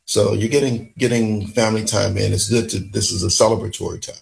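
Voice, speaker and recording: A man's voice: fairly low pitch, steady tone, brisk, creaky. A man hosting a morning radio show, joking and easygoing in casual banter.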